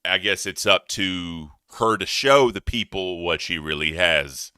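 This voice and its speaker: A man co-hosting a casual online talk show, animated, loud and blunt, who swears. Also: low voice, measured pace, clear, resonant tone, no echo. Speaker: co-host. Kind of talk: casual chat.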